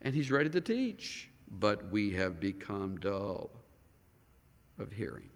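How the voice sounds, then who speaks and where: A man preaching a sermon as a pastor, dramatic, swinging between loud emphasis and hushed near-whispers. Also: lowish voice, very animated, takes it slowly, vocal fry. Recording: long hall reverb.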